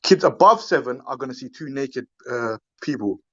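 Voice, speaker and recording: A man's voice: mid-range voice, lively intonation, moderate pace, bright, forceful tone, dull audio. A man talking casually on a panel, often stopping and restarting. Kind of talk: casual chat.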